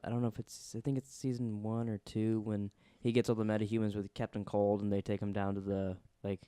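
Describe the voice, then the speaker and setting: Fast-talking man recapping a show. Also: lowish voice, flat delivery, dark tone, smooth, dry recording, clean studio sound. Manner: quick, chatty, many restarts, acts out quotes. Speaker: podcast co-host. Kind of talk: casual episode recap chat.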